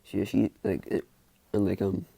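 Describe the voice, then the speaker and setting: A man with a low, heavily gravelly voice tells a made-up story off the cuff. He rambles and restarts, leaning on filler words, and his tone is husky and a little rough. The sound is close and dry, with no room around it. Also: little pitch movement, normal speed, mellow, dry recording. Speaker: fan fiction storyteller. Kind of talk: casual improvised storytelling.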